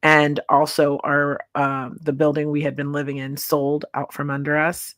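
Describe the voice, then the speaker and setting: A woman hosting a veterans' podcast, warm in her affirmations and sharing her own past. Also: deep voice, monotone, normal speed, dry recording, clean studio sound. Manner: encouraging, affirming. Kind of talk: interview podcast.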